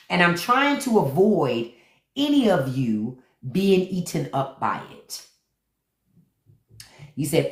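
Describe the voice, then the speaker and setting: A woman's voice: fairly low pitch, echoey room. Blunt, profane woman livestream host. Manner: blunt, profane, talks straight to viewers; repeats key words for emphasis. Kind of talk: unfiltered livestream commentary.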